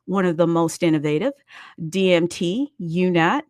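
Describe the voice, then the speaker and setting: A woman hosts a casual online show, chatty and playful, tossing off asides in a fairly low voice. The sound is dry and close, with no room around it. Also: moderate pace, darkish tone, no room sound. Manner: playful, chatty, singsong greetings. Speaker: host. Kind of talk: casual crypto show hosting.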